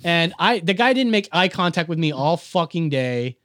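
A man's voice: on the high side, big pitch swings, moderate pace, hardly any pauses, a bit bright, no echo, studio quality. A young man co-hosting a casual chat, ranting and swearing as he tells a story about a coworker. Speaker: podcast co-host.

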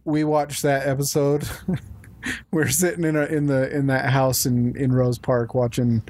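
A man co-hosting a casual chat about a TV show, telling stories in an animated way and often repeating himself. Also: mid-range voice, measured pace. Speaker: podcast co-host.

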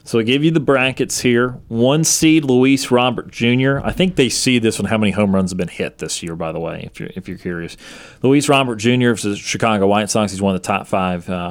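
A man hosting a sports talk show, chatting casually and thinking aloud as he goes. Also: lowish voice.

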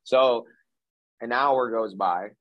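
A man's voice: mid-range voice, slow pace, dry recording. A male hypnotherapist telling a story in conversation, acting out the lines of the people in it. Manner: lively retelling, acting out quoted dialogue. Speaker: hypnotherapist guest. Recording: dull lo-fi dry recording.

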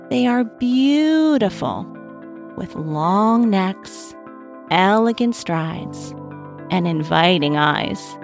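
A woman gently telling a guided story to young children and asking them questions as she goes. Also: mid-range voice, creaky, dry recording. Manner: gentle, asks the listener questions.

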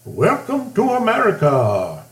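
A man's voice: high-pitched, wildly swooping pitch, a little slow, voice pushed up, heavily acted. A man voicing a newly arrived foreign doctor in an Indian accent, in a lilting, raised voice. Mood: lecturing. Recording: echoey room, faint hum.

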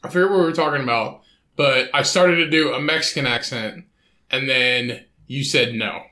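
A man's voice: medium pitch, moderate pace, roomy sound. A man co-hosting a podcast in casual chat, joking around and swearing. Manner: jokey, animated, swearing. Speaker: podcast co-host.

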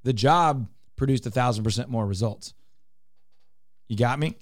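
A man hosting a talk radio show, driving home each point with emphatic repetition. His voice sits at an ordinary middle pitch. The studio sound is close and dry, with no room echo. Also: moderate pace. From Texas. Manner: emphatic, explanatory, repeats points. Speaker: radio show host, real estate broker.

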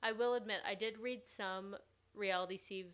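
A young woman hosting a podcast chats casually and gushes while recapping a reality show, dropping "like" into nearly every sentence. Her medium-pitched voice is steady and a bit bright, at a moderate pace.

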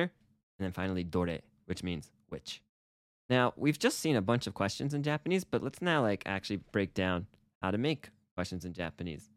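A man's voice: on the low side, no echo, clean studio sound. A man co-hosting a casual Japanese lesson podcast, explaining in a playful, upbeat way. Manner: upbeat, playful explaining with acted example phrases. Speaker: co-host teaching Japanese.

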